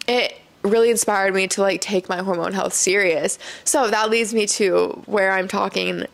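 A creaky, medium-pitched woman's voice with fairly even intonation moves at a moderate pace. She's a young podcast host from Iowa working solo, talking openly with lots of fillers and laughs, while sounding tearful and choked up.

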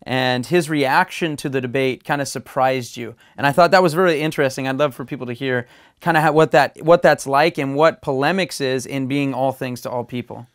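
Smooth-voiced male interview host. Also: mid-range voice, a little fast, dry recording, studio quality. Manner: tentative, hedging questioner. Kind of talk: interview questions. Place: conference venue.

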